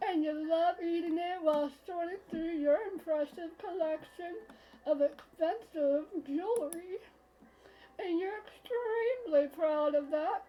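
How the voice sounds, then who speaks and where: A woman's voice: extremely high pitch, a little slow, muffled recording, slight background noise. A woman voicing a brash, upbeat female God, reading a visual novel aloud in a teasing, playful manner.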